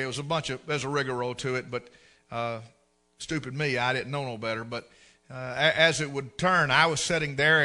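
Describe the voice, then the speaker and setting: A man preaching a sermon, telling folksy stories and acting out the scenes. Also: mid-range voice. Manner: folksy, animated storyteller who acts out scenes. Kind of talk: storytelling sermon.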